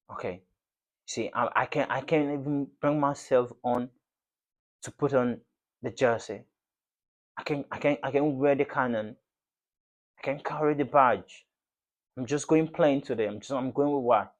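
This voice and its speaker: A man's voice: mid-range voice, a little slow, pauses often. A man hosting his football fan channel, delivering a passionate, repetitive reaction rant to the camera in slangy everyday speech.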